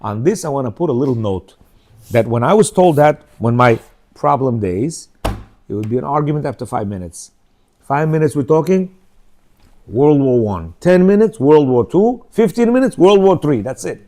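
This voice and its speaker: A man's voice: medium pitch, very animated, moderate pace, dark tone. A man teaching a religious marriage class in a conversational way, asking rhetorical questions, acting out quoted dialogue and using Hebrew religious terms.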